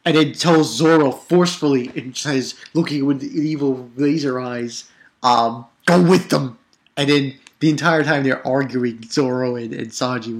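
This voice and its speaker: A man's voice: medium pitch, a bit bright. Rambling young man recapping an episode. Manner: rambling and profane, with many fillers and restarts. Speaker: anime episode reviewer. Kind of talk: casual episode recap vlog.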